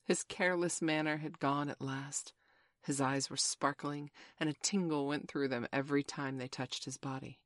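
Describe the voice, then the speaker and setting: A woman narrating a children's storybook in a gentle, measured way. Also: low-pitched, fairly even intonation, no room sound, studio quality.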